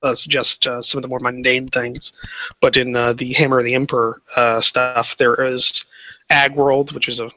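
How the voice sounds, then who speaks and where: A man running a tabletop role-playing game, explaining options in a halting way with many fillers. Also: mid-range voice, flat delivery, sharp tone, no echo, low-quality recording. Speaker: game master.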